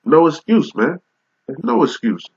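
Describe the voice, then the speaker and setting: A man's voice: a little high, very animated, unhurried, creaky, slightly rough. Angry, profane preacher man, sick. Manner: angry, profane, reads scripture aloud in old English. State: sick with a cold. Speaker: street preacher. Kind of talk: confrontational rebuke sermon. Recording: dull lo-fi recording.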